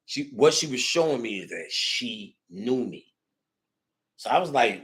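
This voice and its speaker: Profane, excitable male storyteller. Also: medium pitch, a little slow. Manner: swings between loud bursts and hushed asides. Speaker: podcast host. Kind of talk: casual chat.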